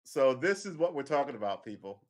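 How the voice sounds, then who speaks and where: A man's voice: medium pitch, sing-song, fairly quick. A man hosting a casual live stream, commenting on the news in a rambling, profane, joking way and often stopping to correct himself. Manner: rambling, profane and joking, addresses viewers as boys and girls; thinks aloud, often restarts and self-corrects.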